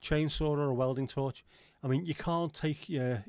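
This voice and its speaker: A man's voice: fairly high pitch, fairly even intonation, normal speed, a little mellow, no room sound, studio quality. A middle-aged man hosting a casual livestream, rambling, swearing now and then and answering chat comments. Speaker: livestream host.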